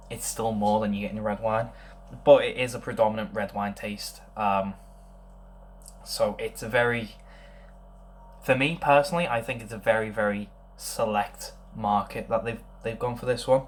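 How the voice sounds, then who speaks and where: A young man giving a casual beer tasting review, thinking aloud and rambling with many pauses. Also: lowish voice, steady tone, a little hiss or hum.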